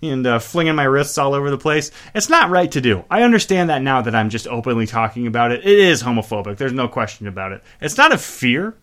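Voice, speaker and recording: A man rambles his way through a song introduction with loose, profane, self-mocking chat. He sits at a middling pitch and keeps a relaxed, offhand show-host delivery. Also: fast talker, hardly any pauses. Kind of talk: casual chat introducing songs.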